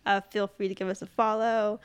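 A woman's voice: mid-range voice, little pitch movement, moderate pace, clean tone, highs cut off. A young woman co-hosting a casual podcast, chatting animatedly and slipping into quoted voices as she retells moments. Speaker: podcast co-host. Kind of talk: casual chat.

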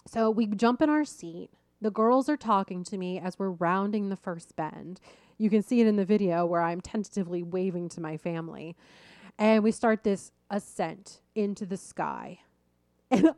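A woman coach and host tells a story in a loose, conversational way and often laughs at her own misadventures. Her voice sits at an ordinary middle pitch. It is recorded dry and close, with no room sound behind it. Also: a little mellow, no echo. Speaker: weight-loss coach and podcast host. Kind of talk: casual storytelling monologue.

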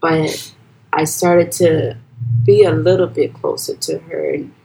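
A young woman with a Liberian accent tells her own story as a podcast guest. Her voice sits low and her telling is soft and hesitant, full of pauses and restarts. When she quotes others, she lifts her voice high and loud. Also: big pitch swings, slight background noise, rough recording. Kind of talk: personal storytelling in a podcast interview.

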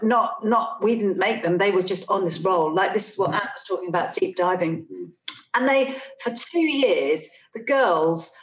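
A woman in her forties, a parent, telling a personal story in casual conversation, earnest and halting, with many restarts and repeated phrases. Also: mid-range voice. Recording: roomy, echoey room sound.

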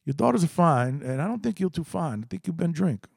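A man voicing a tough, protective older father with broken grammar and a blunt, menacing calm. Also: mid-range voice, brisk, no room sound, studio quality, lightly acted.

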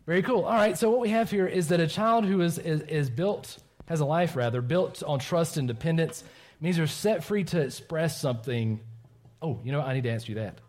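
Playful pastor with a fairly high voice. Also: male voice, darkish tone. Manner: playful, chatty, laughs easily. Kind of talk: sermon with children's interview.

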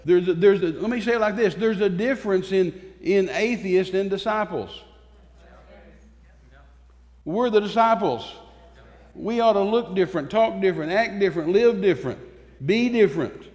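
The long reverb of a church sanctuary surrounds a man preaching a fervent sermon, his voice high and a little mellow. He's emphatic, pausing often and repeating phrases for force.

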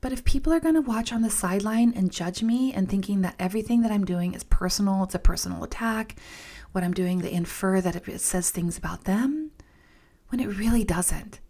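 Speaking fairly quickly in a warm, medium-pitched voice, a podcast host shares a personal story with candor and emphasis. She repeats words to stress them, frequently lowers to a whisper, and calls her listeners "you guys."

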